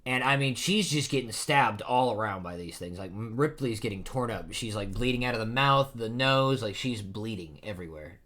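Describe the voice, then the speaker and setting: A man's voice: lowish voice, animated, normal speed, few pauses, a bit bright. A man hosting a casual live comic reaction, reading and chatting with many fillers. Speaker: manga reaction host.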